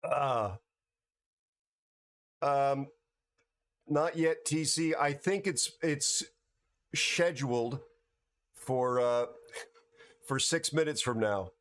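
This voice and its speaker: A tired older American man hosting a casual livestream chat, rambling and halting with many restarts and fillers. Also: mid-range voice, a bit bright. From United States. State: tired from no sleep. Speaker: livestream host.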